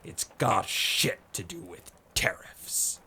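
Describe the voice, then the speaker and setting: A man's voice: fairly low pitch, sing-song, slow pace, creaky, bright, forceful tone, slight background noise, heavily acted. A man voicing a boisterous male sea colonel who talks with roaring passion. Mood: impassioned. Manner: roaring, impassioned.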